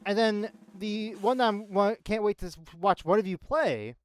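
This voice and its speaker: A man chatting with friends on a livestream, playful and quick to ask for clarification. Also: sits high, no echo. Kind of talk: casual chat among friends on a livestream.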